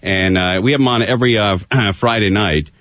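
A man hosting a live talk radio show from the studio, chatty and quick to laugh. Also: lowish voice, fairly bright tone, dry recording. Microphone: studio broadcast microphone.

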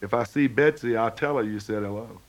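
A man's voice: fairly low pitch, fairly quick, natural voice. A man voicing an easygoing, teasing friend who coaxes with a chuckle. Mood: coaxing. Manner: chuckling, coaxing.

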